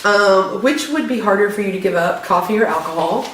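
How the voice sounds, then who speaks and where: A young woman co-hosting a casual podcast, relaxed and quick to laugh. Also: mid-range voice. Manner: laid-back, laughs often. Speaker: podcast co-host. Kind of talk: casual chat. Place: room at home. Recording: roomy, distant mic with faint hiss.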